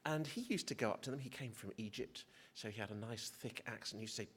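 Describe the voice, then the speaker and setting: A man's voice: on the low side, fairly quick, few pauses, fairly bright tone, breathy edge. A middle-aged male physician giving a conference presentation, hesitant and prone to restarts, with self-deprecating humour. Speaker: physician speaker. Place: conference hall.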